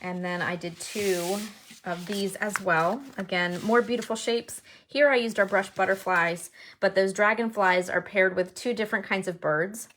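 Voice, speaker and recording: A woman talks through her handmade cards in a relaxed show-and-tell. She is chatty and enthusiastic and thinks aloud as she goes. Her voice sits at an ordinary middle pitch. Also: moderate pace. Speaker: card-making demonstrator. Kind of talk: casual show-and-tell crafting video.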